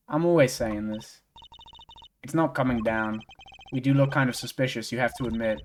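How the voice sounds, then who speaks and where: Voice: mid-range voice, moderate pace, slight background noise. Playful streamer reading game text. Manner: playful, jokey, mutters to self. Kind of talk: playthrough commentary, reading game text aloud.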